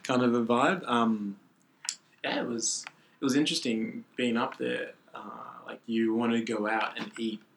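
A man's voice: mid-range voice, fairly even intonation, moderate pace, vocal fry, a little hiss or hum. A young man talking as a guest in casual chat, laid-back and rambling, filling his talk with "like". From Australia. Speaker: guest athlete.

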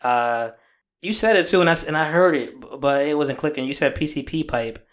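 A woman's voice: sits low, a little fast. A woman hosting a podcast in casual chat, joking, swearing freely and acting out quotes. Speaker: podcast host.

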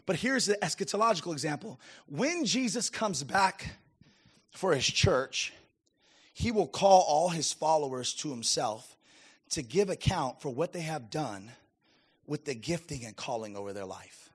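A man's voice: on the high side, lively intonation, unhurried, husky. A man preaching a sermon as a pastor, emphatic and calling out to his congregation. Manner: emphatic preaching with audience call-outs.

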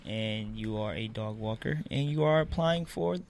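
A man co-hosting a casual chat, relaxed and joking, with a slangy way of talking. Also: on the low side, moderate pace, slight background noise. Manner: laid-back, joking, slangy. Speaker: co-host.

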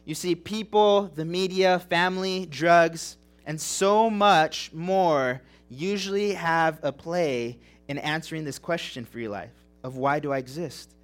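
Earnest young man preaching, fairly high voice. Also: measured pace, hardly any pauses, soft background music. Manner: earnest, emotional preaching with repeated phrases and rhetorical questions. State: tearing up. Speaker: pastor. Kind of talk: sermon.

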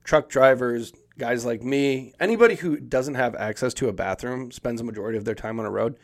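A man's voice: mid-range voice, a little fast, no room sound, clean studio sound. A young man in casual conversation, telling a long story with plenty of energy. He laughs through his own punchlines and swears freely. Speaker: podcast guest telling a story. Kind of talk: casual chat.

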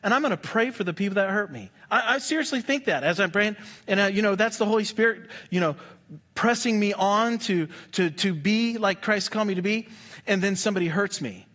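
A man preaching a sermon in a conversational, humorous way, with quick asides to the congregation. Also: high-pitched, fairly bright tone. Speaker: pastor.

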